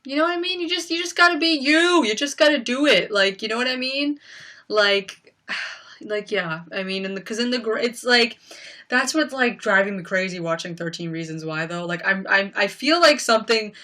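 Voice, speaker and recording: A woman's voice: on the high side, lively intonation, moderate pace, bright, forceful tone, far from the mic. A young woman hosting a livestream, talking casually and emphatically, rambling with lots of fillers. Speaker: livestream host.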